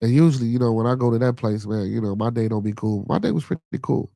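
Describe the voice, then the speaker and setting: A man with a Chicago accent hosting a casual podcast live stream, reacting to chat comments in a loose, animated, profane way. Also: mid-range voice, fast, creaky, no echo, studio quality. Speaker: podcast host.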